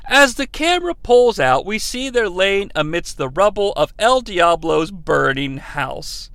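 A man's voice: high voice, big pitch swings, measured pace, gravelly, a bit bright, no echo. A man recapping a movie in a sarcastic comic style, acting out the characters' lines as he goes. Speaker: comedy podcast host.

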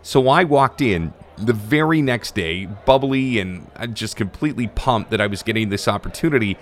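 A man with a somewhat low voice tells a story from his days as a stadium broadcaster and rink announcer. His delivery is casual and animated, with the easy flow of someone used to talking on a microphone. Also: moderate pace.

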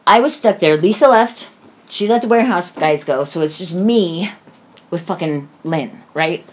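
A woman casually telling a story, blunt and profane, with sarcastic asides. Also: lowish voice.

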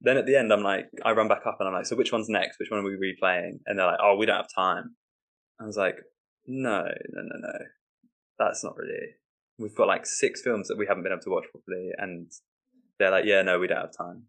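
A man with a fairly low voice tells a comic story from his stand-up life. He is animated, slips into other people's voices and laughs often. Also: quick pace. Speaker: stand-up comedian guest. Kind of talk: casual storytelling.

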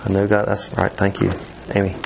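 A man's voice: sits low, monotone, a little fast, gravelly, background noise. Chatty man teaching a church class. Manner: chatty, many fillers and restarts, laughs easily.

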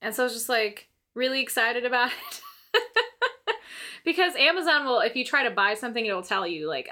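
A woman's voice: fairly high pitch, a little fast. A young woman chatting casually as co-host, telling stories with lots of laughter and acting out her past self. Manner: animated storyteller, laughs often, acts out her own past voice. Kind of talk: casual chat.

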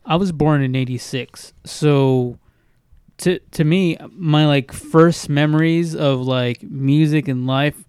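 Eager, smooth-voiced man in his thirties. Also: fairly high pitch, takes it slowly, darkish tone, dry recording, studio quality. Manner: eager, rambling, full of "like". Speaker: podcast co-host. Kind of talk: casual podcast chat.

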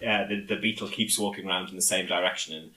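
A man casually recapping a film on a podcast, halting often with fillers as he retells scenes. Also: low voice, steady tone, bright, forceful tone, reverberant, rough recording. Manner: rambling, halting with many fillers. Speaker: podcast co-host.

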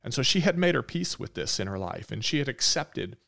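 A man's voice: mid-range voice, sing-song, fairly quick, creaky, pushed and bright. A man preaching a sermon, retelling a Bible story in an earnest, repetitive way.

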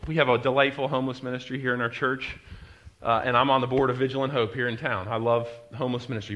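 A middle-aged man, preaching a sermon and telling a story, moving from quiet, confiding asides to loud, driving emphasis. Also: medium pitch, level tone, fast talker. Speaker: pastor.

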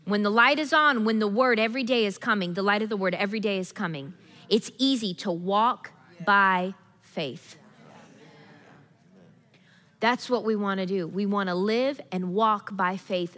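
Woman pastor, emphatic repeating sermon delivery, bright tone, long church reverb. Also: mid-range voice, a little slow, pauses often. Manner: emphatic, repetitive, building to forceful declarations. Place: church sanctuary.

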